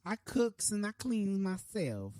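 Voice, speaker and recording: A man's voice: high-pitched, very animated, takes it slowly, dark tone, no room sound, studio quality, heavily acted. A man mockingly putting on the voice of a sassy, independent woman.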